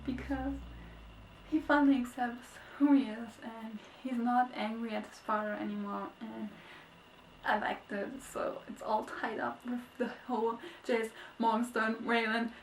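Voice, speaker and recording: A young woman reviewing a book in a casual vlog, gushing and excitable, swinging between squeals and sad murmurs. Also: a little slow, slight background noise. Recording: echoey, distant, low-quality webcam audio.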